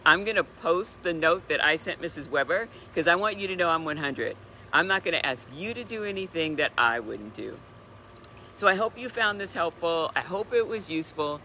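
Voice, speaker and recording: A woman in her sixties telling a story in a chatty, animated way, giving a motivational talk on a live stream. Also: on the low side, normal speed, slight background noise. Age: 60s. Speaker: wellness speaker.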